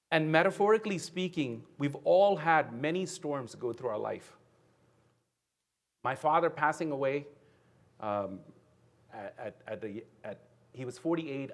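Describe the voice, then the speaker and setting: A man in his fifties from India giving a motivational keynote speech, telling his story earnestly and often checking in with the audience with a quick "right?". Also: mid-range voice. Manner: earnest storytelling with frequent "right?" tag questions. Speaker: keynote speaker. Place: conference venue.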